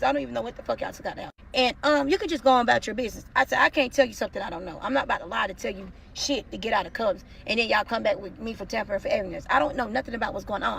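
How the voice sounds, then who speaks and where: A woman telling a personal story in casual storytime style, profane and animated, acting out the quotes. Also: a little high, vocal fry, breathy edge.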